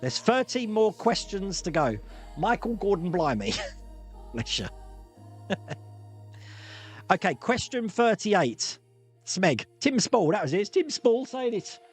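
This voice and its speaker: A man hosting a live-streamed pub quiz, jokey and quick to laugh as he reads out multiple-choice options. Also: sits high, sing-song, breathy edge, faint music behind. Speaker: quiz host.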